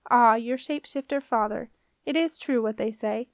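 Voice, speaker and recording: A woman voicing a wise, calm old witch mother who talks slowly and cryptically in a storybook reading. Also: fairly high pitch, dry recording, studio quality, close to an everyday voice. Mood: solemn. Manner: slow, solemn, cryptic speech.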